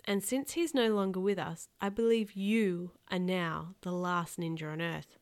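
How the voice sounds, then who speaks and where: A woman's voice: lowish voice, steady tone, unhurried. A woman reading aloud as a serious, caring mother, earnest and grave.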